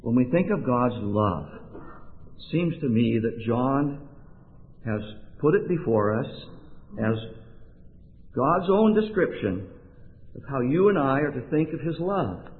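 A man from Oregon preaching a sermon in slow, deliberate phrases with emphatic pauses. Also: mid-range voice, animated. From Oregon, USA. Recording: tinny, lo-fi sound with long hall reverb.

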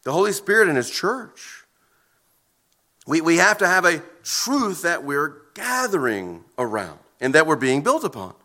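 A man preaching a sermon as pastor, earnest and emphatic, with deliberate pauses between phrases. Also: a little high, very animated, pushed and bright.

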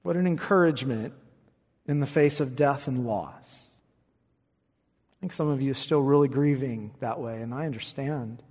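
A man preaching a sermon, reading scripture with emphasis and rising high on the quoted verses. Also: a little mellow, breathy edge. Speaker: pastor. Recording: long reverb of a large hall.

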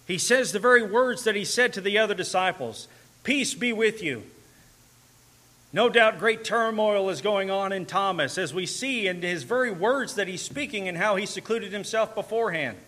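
A man's voice: sits high, moderate pace, few pauses, sharp tone. A man preaching a sermon in an earnest manner, building to emphatic and tender passages.

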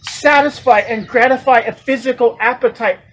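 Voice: medium pitch, fairly even intonation, normal speed, a little hiss or hum, low-quality recording. A preacher delivering a sermon, emphatic and fond of rhetorical questions.

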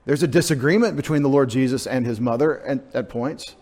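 A middle-aged man, preaching a sermon in a conversational, self-deprecating way, dropping into quiet asides. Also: mid-range voice, a little fast. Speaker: pastor.

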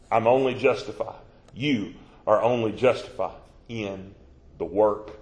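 A man preaching a sermon, moving from hushed, quiet asides to loud, stretched-out proclamations. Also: lowish voice, roomy sound. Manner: swings between hushed asides and rising, drawn-out proclamation.

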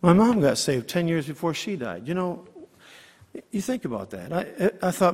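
A man's voice: on the high side, very animated, moderate pace. A middle-aged man preaching a sermon, emphatic, calling for amens and asking the congregation rhetorical questions. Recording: long hall reverb.

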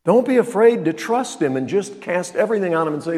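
Older male pastor, emphatic sermon delivery with loud-to-quiet swings; long church reverb. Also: sits high, lively intonation, brisk. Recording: long reverb of a large hall.

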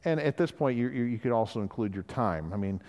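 A man's voice: medium pitch, expressive, brisk, a little mellow, big-room sound. A man preaching a sermon in a conversational way, often acting out the voices of people he quotes. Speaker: pastor.

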